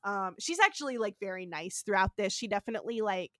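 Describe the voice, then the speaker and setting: A woman's voice: medium pitch, fast, no room sound, clean studio sound. A young woman co-hosting a podcast, recapping a show in casual chat, acting out the characters' lines and laughing often. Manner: animated, acts out quotes, laughs often. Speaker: podcast co-host.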